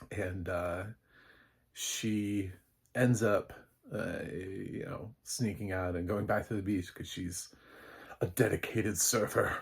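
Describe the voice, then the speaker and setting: Low, slightly husky male film reviewer; loose, chatty delivery with plenty of fillers. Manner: rambling and chatty, with many fillers and light laughs. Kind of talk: casual spoken movie review.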